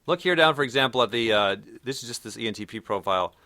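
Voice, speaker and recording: A man's voice: medium pitch, expressive, fast, pushed and bright. A man giving a casual, blunt lecture, swearing freely and acting out the people he quotes. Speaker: personality typing instructor.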